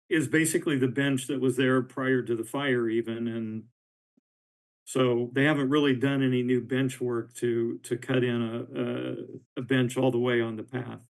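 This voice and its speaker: A man's voice: mid-range voice, fairly even intonation, a little slow, vocal fry, rough recording. A man on a board, asking questions casually and stumbling over words. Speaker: board member. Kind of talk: meeting discussion.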